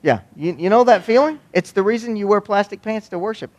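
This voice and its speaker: A man's voice: high voice, fairly quick, heavy background noise. A man from Waco, giving a humorous storytelling talk on youth ministry to an audience. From Waco, Texas. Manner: folksy, joking, animated.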